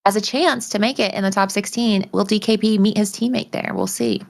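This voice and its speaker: A woman's voice: medium pitch, fairly even intonation, brisk, vocal fry. A woman co-commentating a live card game tournament stream, upbeat and talking to the chat.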